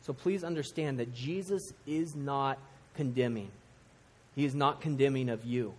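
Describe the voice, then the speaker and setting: A middle-aged man from the United States preaching a sermon to a church congregation, animated, swinging from loud emphasis to hushed intensity. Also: medium pitch, normal speed. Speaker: pastor. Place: church sanctuary. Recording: long hall reverb.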